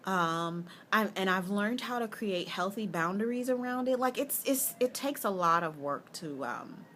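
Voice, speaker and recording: A woman's voice: mid-range voice, lively intonation, a little slow. A woman life coach talking to viewers in a casual motivational vlog, encouraging and chatty, with faint noise in the background. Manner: warm, chatty and encouraging, addressing viewers directly.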